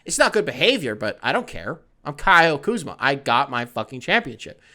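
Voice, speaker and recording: Man doing a swaggering ballplayer; boastful, swearing, bright edge. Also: medium pitch, big pitch swings, brisk, pitched below the performer's own voice. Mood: brash. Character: cocky carefree male basketball player.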